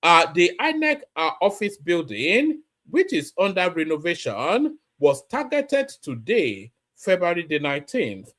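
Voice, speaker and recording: Lively man reading news. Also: high voice. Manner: measured, explaining with many fillers. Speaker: host. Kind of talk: news commentary.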